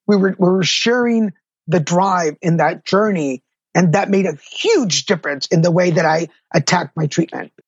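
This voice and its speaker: A man's voice: high voice, normal speed, slightly rough, dry recording, dull audio. A middle-aged man, a patient advocate, telling his personal story in an interview, earnest and candid. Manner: earnest, candid, self-deprecating.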